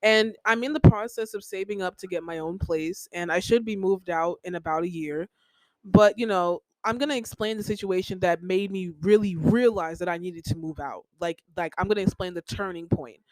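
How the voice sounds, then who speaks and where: A woman's voice: fairly low pitch, moderate pace, a little mellow, no room sound, poor audio. A young adult woman hosting a podcast, venting in a casual personal monologue with many "like" fillers, repeating herself. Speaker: podcast host.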